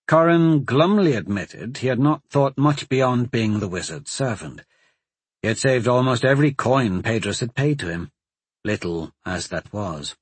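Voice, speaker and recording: Husky-voiced man narrating a story. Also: medium pitch, moderate pace, no room sound. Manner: expressive storytelling. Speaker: audiobook narrator. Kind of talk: scripted narration.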